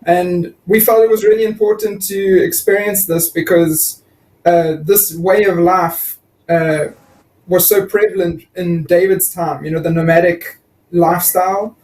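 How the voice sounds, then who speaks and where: High-voiced South African man, distant. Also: steady tone, unhurried, darkish tone. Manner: hesitant, with many fillers. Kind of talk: casual livestream chat. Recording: echoey room, distant mic.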